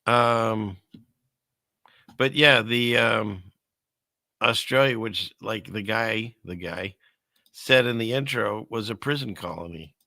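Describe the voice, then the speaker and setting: A man's voice: on the low side, slow, vocal fry, long pauses, bright, forceful tone, no echo, clean studio sound. A man hosting a show, rambling skeptically through casual commentary while he browses, with many restarts. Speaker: show host.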